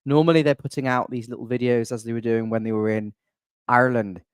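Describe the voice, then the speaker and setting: A man's voice: medium pitch, fast, darkish tone, clean tone, dry recording, studio quality. A young man hosting a casual fan show, chatty and wry with rambling asides. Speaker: channel admin and host. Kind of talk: casual fan podcast chat.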